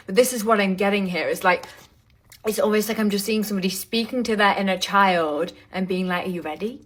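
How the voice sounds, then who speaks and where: A woman giving an intuitive tarot reading to camera, talking casually, full of fillers and pausing to search for words. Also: medium pitch. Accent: not American. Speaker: tarot reader.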